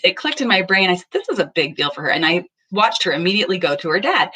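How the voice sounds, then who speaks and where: Talking to camera at home, just in from the garden, a parenting vlogger in her thirties speaks casually and earnestly, acting out little dialogues. Her voice is on the low side and slightly rough, with a sharp tone and big pitch swings. She talks fast, with few pauses.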